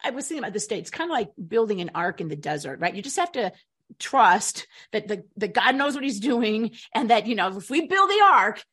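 A woman co-hosting a political talk show, chatty and quick to laugh, often restarting her sentences. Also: medium pitch, sing-song, fairly bright tone, breathy edge. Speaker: radio talk show co-host.

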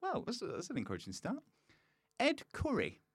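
Lively-voiced man hosting a chat. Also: sits high, normal speed, breathy edge, no echo. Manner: chatty, laughing, playful. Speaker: podcast host. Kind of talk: casual chat.

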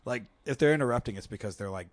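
A man's voice: medium pitch, fast, no echo. A man, a stand-up comic guest on a podcast, talking in a laid-back, casual way with lots of fillers. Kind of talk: casual chat.

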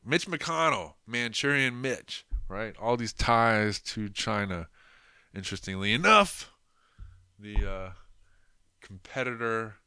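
Guy doing his podcast, rambling and crude, low voice, really dry close sound. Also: pushed and bright, clean tone, no room sound. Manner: rambling, crude, mocking, lots of fillers. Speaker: podcast host. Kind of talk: casual political commentary.

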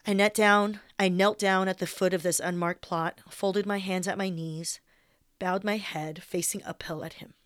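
A young woman reads her own personal essay aloud, candid and wry, now and then swearing. Her voice sits at a middle pitch. The recording is dry and close, with no room sound. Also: steady tone, unhurried, smooth, dry recording.

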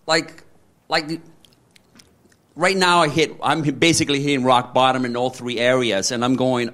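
A man's voice: mid-range voice, little pitch movement, normal speed, pauses often, a bit bright. A man in a candid conversation, rambling with many fillers and restarts and acting out quoted dialogue. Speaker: interviewee.

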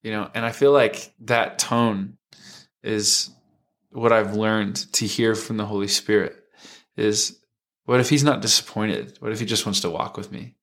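Young guy in his 20s telling his faith story, kinda low voice, earnest, lots of ums. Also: steady tone, a bit bright. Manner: reflective, earnest, halting with fillers. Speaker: worship leader, podcast guest. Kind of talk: personal testimony in conversation.

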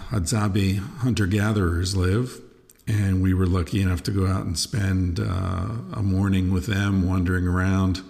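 Gravelly low-voiced male podcast host. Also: big-room sound. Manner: rambling, relaxed, with many fillers. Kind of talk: casual podcast monologue.

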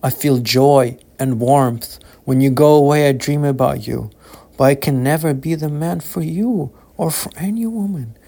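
A man's voice: medium pitch, moderate pace, creaky, mellow. A man reading the part of an earnest young man confessing his love, with a tender, slightly raised voice.

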